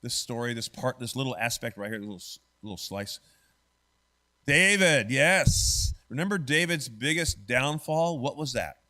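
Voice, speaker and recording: A man leads an adult Bible study in a church classroom. He talks conversationally and keeps checking in with the class. His voice sits at a middling male pitch. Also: expressive, measured pace, sharp tone.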